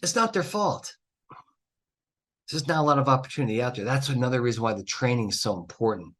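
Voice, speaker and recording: A man's voice: mid-range voice, animated, brisk, fairly bright tone. A man hosting a podcast, giving blunt, emphatic advice with swearing and exasperated outbursts. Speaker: trial consultant podcast host. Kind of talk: animated solo podcast talk.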